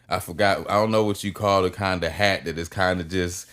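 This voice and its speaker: A man in his thirties with a very deep, low voice sits in as a podcast guest. He tells long, rambling stories in a loose, casual way, full of fillers and the occasional curse word. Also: fairly even intonation, brisk, a bit bright. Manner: rambling anecdotes with fillers and profanity.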